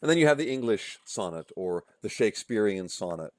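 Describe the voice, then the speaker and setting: A man's voice: fairly low pitch, animated, a little fast, darkish tone, no room sound. A male literature instructor giving a casual recorded lecture, with frequent fillers and restarts, often checking in with "okay?" and "right?". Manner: chants rhythms and rhyme schemes aloud.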